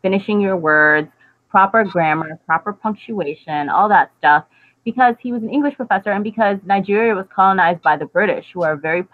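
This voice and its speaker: A woman's voice: medium pitch, fairly quick. A young woman hosting a book club discussion on a video call, chatting casually with many fillers. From United States. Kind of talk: casual group video chat. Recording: tinny phone-like call audio.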